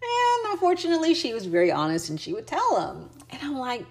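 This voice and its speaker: A woman's voice: fairly high pitch, big pitch swings, fairly quick, few pauses, darkish tone. An American woman giving travel tips in a casual, chatty way, with many fillers and restarts. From United States. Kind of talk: casual advice chat.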